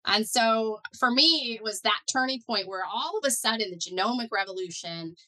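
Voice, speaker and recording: This conversational interview features a middle-aged woman, a neuroscientist and foundation director, as the guest. Her fairly high-pitched voice moves at normal speed, and the recording quality is low. She tells her story animatedly, with frequent "like" and "you know."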